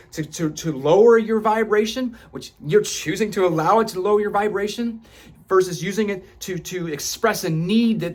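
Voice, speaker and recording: Husky man giving a fervent self-help talk. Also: sits high. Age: 38 or older. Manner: intense, swears for emphasis, voice rising as he grows fervent. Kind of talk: passionate motivational monologue.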